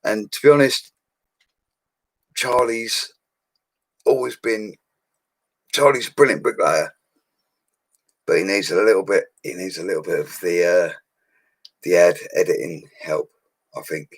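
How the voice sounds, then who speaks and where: Upbeat guy chatting on a livestream, lowish voice, dead dry sound, laughs a lot. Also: unhurried, pauses often, dry recording. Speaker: livestream host reading viewer comments. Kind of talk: casual live chat. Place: home studio.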